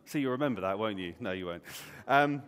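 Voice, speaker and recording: A man's voice: on the low side, a little fast, clean tone. A man leading an Easter all-age talk in church, playfully quizzing the congregation. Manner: lively and playful, quizzing the audience. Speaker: preacher. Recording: long hall reverb.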